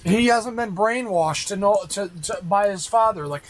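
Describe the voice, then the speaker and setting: A man's voice: high voice, moderate pace, hardly any pauses, poor audio. A man ranting on a casual livestream, arguing with rhetorical questions and repeating his points.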